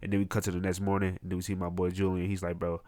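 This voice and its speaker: Deep-voiced man with excitable slangy recap. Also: very fast, dry recording, clean studio sound. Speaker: manga reviewer. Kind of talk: casual recap chat.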